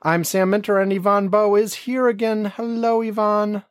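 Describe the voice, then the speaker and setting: A man hosting a podcast in casual chat, teasing his co-host in a calm way. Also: high-pitched, normal speed, no echo, studio quality.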